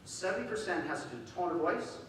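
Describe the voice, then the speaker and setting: A high-voiced man preaching a sermon with animated delivery, acting out voices as he quotes them. He is heard from a distance in a large hall, with long reverb and faint room noise. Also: fast. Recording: echoey hall from far off.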